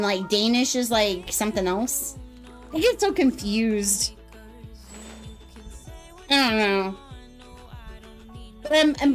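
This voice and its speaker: Giggly high-voiced American woman streamer. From United States. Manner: giggly, rambling, laughs often between remarks. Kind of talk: casual live-stream chat.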